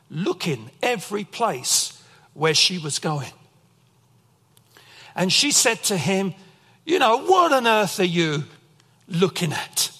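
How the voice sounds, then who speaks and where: A man's voice: a little high, a bit bright, big-room sound. A man preaching a sermon as pastor, telling personal stories as testimony. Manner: storytelling, emotional testimony.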